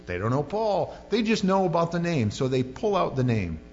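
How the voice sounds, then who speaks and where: Male pastor, conversational sermon, lively pitch, dull lo-fi recording, faint music behind. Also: normal speed, in a large hall. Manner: conversational and joking, with many asides.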